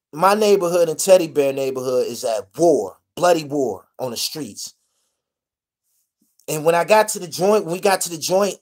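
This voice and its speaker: A man from the Pittsburgh area telling a casual vlog story in profane street slang, rambling and restarting, checking in with "you dig?". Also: on the high side. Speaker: vlogger telling prison stories.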